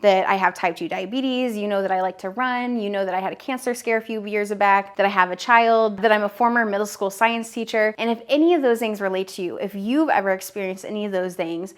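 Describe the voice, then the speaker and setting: A woman's voice: mid-range voice, fairly quick, hardly any pauses. Upbeat woman in her thirties teaching. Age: 30s. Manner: upbeat, direct, talks straight to the viewer. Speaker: online business educator. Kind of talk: direct-to-camera teaching video.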